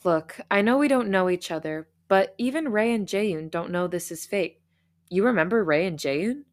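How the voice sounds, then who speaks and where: A woman voicing a gentle, caring young man in a read-aloud romance story, speaking softly but firmly. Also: mid-range voice, expressive, moderate pace, natural voice. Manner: soft but firm.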